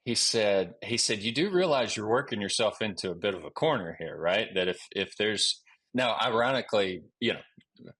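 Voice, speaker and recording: In a casual interview, an Alabama historian in his thirties with a Southern accent keeps restarting a long story, leaning on fillers as he rambles. His lowish voice is lively, fairly bright, and slightly breathy, at normal speed.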